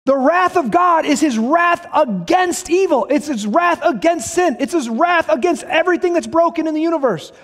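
A male pastor preaching a sermon, reading scripture aloud and pressing his points emphatically, sometimes rising to a shout. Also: extremely high pitch, animated, normal speed, few pauses. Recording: long hall reverb.

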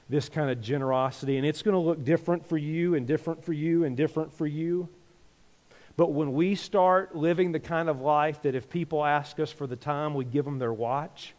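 A man preaches in a church, his voice sitting a little higher than most men's. He talks conversationally and keeps turning to the congregation with questions and call-and-response lines. His words ring out with the long reverb of a large sanctuary. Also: darkish tone. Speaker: pastor. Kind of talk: sermon.

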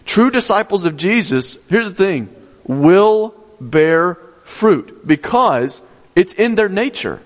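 A man's voice: high voice, sing-song, slow pace, long reverb tail. A male pastor preaching a sermon, teaching step by step, repeating key points and asking the congregation questions.

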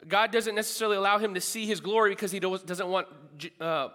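A man's voice: high-pitched, fairly even intonation, quick pace, sharp tone, in a large hall. A man preaching a sermon in a large room, earnest and emphatic, repeating phrases for stress.

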